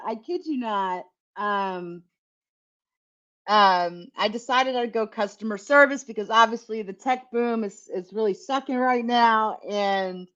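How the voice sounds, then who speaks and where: A middle-aged woman, from the United States, talks slowly in an easy, unhurried way, her voice sitting a touch high. She is candid and profane and laughs easily. The recording is muffled and lo-fi. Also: fairly bright tone. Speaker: tech channel host. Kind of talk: casual storytelling. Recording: dull lo-fi recording.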